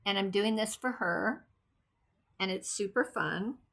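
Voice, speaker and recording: A woman's voice: medium pitch, measured pace, vocal fry, a bit bright. A woman vlogger chatting casually about her cross stitch projects, rambling and thinking aloud as she goes. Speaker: craft vlogger. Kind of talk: casual chat.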